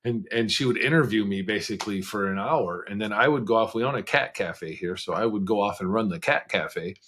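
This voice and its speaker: Fairly low-pitched, a bit bright and husky, a man talks openly about his life as a podcast guest. His candid storytelling comes in quick bursts of speech, punctuated now and then by laughter.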